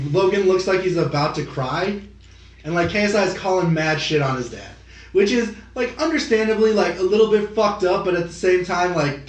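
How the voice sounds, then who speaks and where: High-voiced young man, rambling podcast chat. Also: distant mic. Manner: rambling, profane, animated with quick impressions. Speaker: podcast co-host. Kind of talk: casual chat. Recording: echoey room, off-mic.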